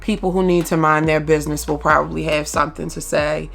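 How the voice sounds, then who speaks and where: A mother talking candidly in a personal vlog, slow and halting, with many pauses and ums, open about her feelings. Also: low voice, level tone, creaky, a bit bright, faint music behind. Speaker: mother vlogger.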